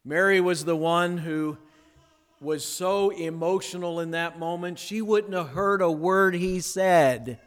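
A male pastor delivers a sermon in a slightly high voice, taking his time with long, deliberate pauses. He sinks to a near hush on key words and builds back up. A long reverb trails each phrase, as in a large church hall.

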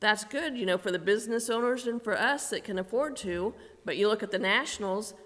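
A woman's voice: medium pitch, fairly quick, fairly bright tone. A woman, a missionary, speaking in a chatty and practical way to a church congregation. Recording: long hall reverb.

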